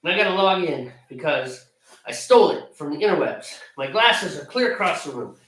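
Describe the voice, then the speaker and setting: A man with a bright, high, very animated voice runs through his home brew recipe with exasperated, joking asides. He sounds far from the mic in an echoey room. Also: moderate pace. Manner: animated, exasperated, self-mocking. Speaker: homebrewer co-host of a live stream. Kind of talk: casual ranting chat. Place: home brewing area, computer far away.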